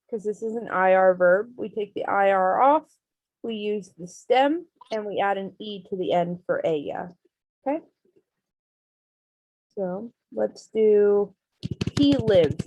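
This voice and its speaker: A woman's voice: medium pitch, takes it slowly, a little mellow. Patient woman teaching an online class. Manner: patient, explains step by step with many ums. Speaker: Spanish teacher.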